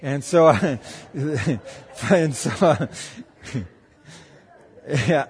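A man preaching a sermon, retelling a scripture story in an animated way and acting out the voices of its people. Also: a little high, very slow, pauses often, husky. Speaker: pastor. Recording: long hall reverb.

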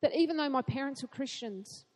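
A woman preaching a sermon in an earnest way, asking rhetorical questions and building to excited emphasis. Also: high-pitched, brisk, long reverb tail.

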